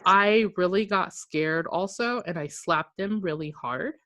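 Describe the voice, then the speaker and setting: Low-voiced woman telling a story. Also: measured pace, no echo. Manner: animated, acts out quoted speech, swears freely. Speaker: podcast co-host. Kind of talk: casual storytelling.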